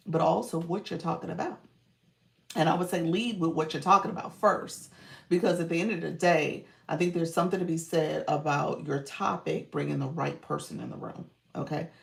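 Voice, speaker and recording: Woman, live-stream coach, low and gravelly, chatty, greets viewers by name. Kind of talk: casual live-stream chat.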